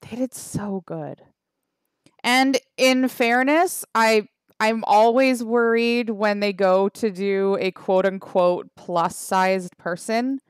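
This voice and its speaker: A woman from Canada chats on a game livestream, unhurried and wry, drifting through fillers as she reads the chat. Her voice is smooth and clean, recorded close and dry with no room around it. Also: mid-range voice, no echo. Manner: chatty, wry, trails off with fillers. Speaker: game streamer. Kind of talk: casual livestream chat reading the chat.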